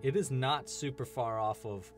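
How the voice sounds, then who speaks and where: Man, Californian accent, young adult, goofy, chatty, laughs a lot, medium pitch, faint music behind. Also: normal speed. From Southern California. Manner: goofy, laughing, chatty with viewers, puts on silly voices. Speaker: crochet livestream host. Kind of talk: casual livestream chat while crocheting.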